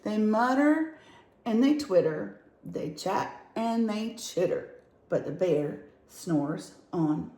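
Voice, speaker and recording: A woman reading a rhyming picture book aloud in a lively, sing-song way. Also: mid-range voice, takes it slowly. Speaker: storyteller. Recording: echoey room.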